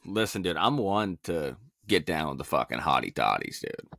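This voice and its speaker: Man, deep voice, dry close sound, profane joking co-host. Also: very animated, normal speed, creaky, fairly bright tone, dry recording. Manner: joking, profane, laughs often. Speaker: podcast co-host. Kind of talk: casual chat.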